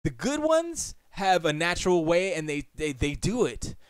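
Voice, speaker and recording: A man with a fairly high voice chats casually on a live stream from his home studio. His pitch swings widely as he rambles, restarts and answers questions from chat. The sound is dry and close. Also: big pitch swings, normal speed, clean tone, no room sound. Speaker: music producer and stream host.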